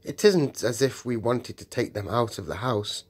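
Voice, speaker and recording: A man's voice: medium pitch, lively intonation, moderate pace, a little mellow, breathy edge. A man reading an audiobook and voicing a sensible older schoolgirl in an earnest, reasonable manner.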